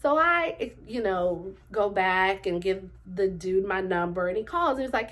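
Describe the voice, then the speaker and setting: A woman's voice: mid-range voice, a little slow, few pauses. Chatty woman telling stories to camera. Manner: chatty, animated, talks straight to viewers with lots of "like" and "um". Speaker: vlogger. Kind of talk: casual storytelling to camera.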